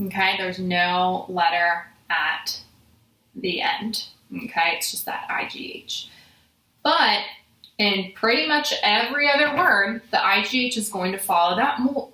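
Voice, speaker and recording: A woman teaching a phonics lesson to children, sounding out letters slowly and clearly. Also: mid-range voice, bright, forceful tone. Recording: echoey room.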